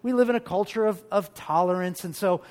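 A man preaching a sermon as pastor, animated, with rhetorical questions and emphatic pauses. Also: high-pitched.

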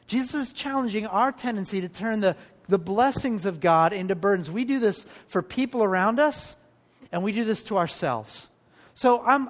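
A man preaching a sermon as pastor, animated, with rhetorical questions and emphatic pauses. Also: sits high.

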